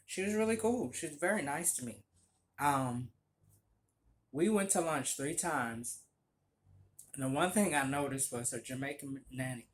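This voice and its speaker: A man telling stories of his old barista job in a casual, animated vlog, acting out the voices of people he quotes. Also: medium pitch, unhurried, long pauses. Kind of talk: casual storytelling.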